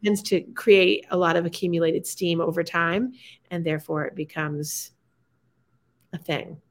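A woman's voice: fairly low pitch, steady tone, a little slow. Chatty woman hosting a live show. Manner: chatty, rambling, with many fillers and restarts. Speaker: show host. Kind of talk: casual chat on a live show.

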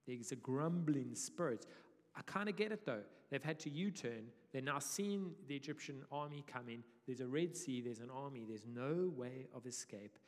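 A male pastor delivers a conversational sermon in an animated, easygoing way. His voice sits in an ordinary middle register. A long reverb trails off each phrase. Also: mid-range voice, moderate pace. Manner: conversational, animated, self-deprecating. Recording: reverberant church hall.

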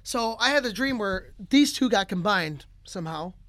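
A man co-hosting a casual podcast, telling a story in an animated way with many fillers. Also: sits high, moderate pace, dry recording. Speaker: podcast co-host.

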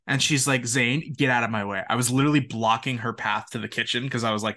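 A young man co-hosting a podcast, telling stories in a lively, laughing way. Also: medium pitch, fast talker, few pauses. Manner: animated, laughing, quotes friends in voices. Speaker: podcast co-host. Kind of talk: casual chat, storytelling.

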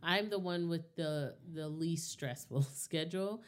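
A woman's voice: deep voice, a little slow. A woman co-hosting a casual talk, speaking candidly and reflectively and often checking in with her listener. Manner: candid, reflective, often asks "you know what I mean". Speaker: podcast co-host. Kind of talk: casual chat.

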